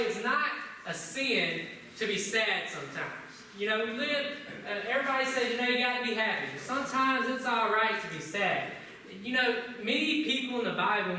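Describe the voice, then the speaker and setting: A high, bright-voiced man preaches to a congregation, asking question after question. He is recorded from a distance in a very echoey church sanctuary, with a faint hiss behind him. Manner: asks the congregation many questions. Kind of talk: sermon.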